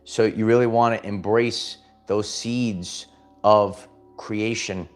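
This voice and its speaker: A man's voice: lowish voice, steady tone, takes it slowly, faint music behind. A man hosting a casual livestream pep talk, rambling and upbeat, motivating viewers and reading out their comments. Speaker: host.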